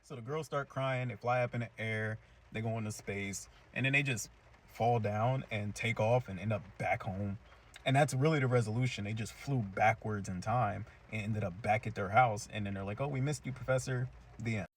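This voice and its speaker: A young man casually recapping a cartoon episode in a chatty, slangy, animated way. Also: fairly low pitch, normal speed. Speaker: cartoon reviewer.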